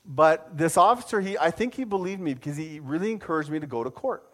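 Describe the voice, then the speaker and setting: A man preaching a sermon, telling a personal story with self-deprecating humor and jumping into a high voice to mimic his own outrage. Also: expressive, quick pace. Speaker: pastor.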